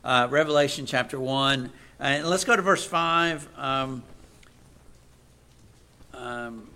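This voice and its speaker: A man preaching a sermon, moving from quiet asides to loud, emphatic readings of scripture. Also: mid-range voice, takes it slowly, pauses often.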